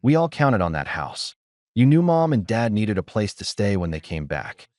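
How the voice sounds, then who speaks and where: A man's voice: lowish voice, very animated, moderate pace, darkish tone, no echo. A man voicing a grown brother who exasperatedly accuses his sibling of selfishness. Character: defensive grown-up younger brother siding with parents.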